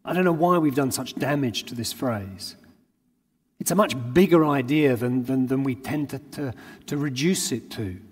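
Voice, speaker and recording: A man's voice: medium pitch, moderate pace, darkish tone, husky. A man giving an earnest sermon at a conference, drawing on everyday anecdotes to make his points. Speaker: conference speaker. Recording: long hall reverb.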